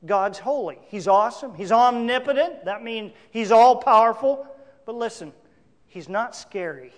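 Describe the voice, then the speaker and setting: A male pastor preaching a sermon, emphatic, with big swings between loud declarations and quiet asides. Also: very high voice, expressive, normal speed, in a large hall.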